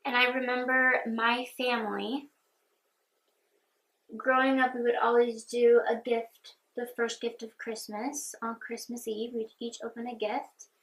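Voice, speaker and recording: A young woman with a slightly higher voice chats through a casual get-ready-with-me vlog. She talks in an open, heartfelt way and sounds earnest and personal. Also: level tone, measured pace, fairly bright tone, rough recording. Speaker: vlogger.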